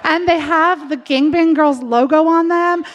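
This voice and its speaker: A woman's voice: high-pitched, a little slow. A woman telling a personal story in a candid, chatty way, full of fillers.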